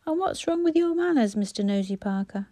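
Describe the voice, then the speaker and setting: A woman's voice: on the high side, lively intonation, brisk, mellow, no room sound, lightly acted. A woman voicing a proud young mother who speaks politely but tartly. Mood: prim.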